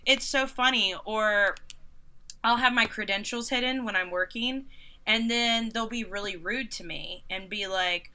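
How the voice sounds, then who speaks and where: A woman in her thirties, a concert photographer and interview guest, telling stories in a casual, animated and sarcastic way, acting out other people's lines and using "like" a lot. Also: medium pitch, unhurried. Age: 30s. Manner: frequent "like" fillers.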